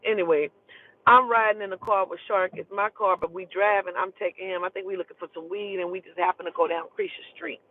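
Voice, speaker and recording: A fast-talking woman with a mid-range voice tells a personal story in casual, profane speech, acting out the people in it as she goes. The recording is dry and tinny, like a phone, with a little hiss or hum.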